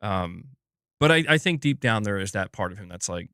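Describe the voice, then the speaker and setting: Young male streamer, loose rambling chat with the audience; lower register, recorded dry and close. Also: animated, moderate pace, bright, forceful tone, dry recording. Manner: rambling, restarts often, calls chat "dude" and "bro". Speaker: livestream host. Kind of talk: casual livestream chat.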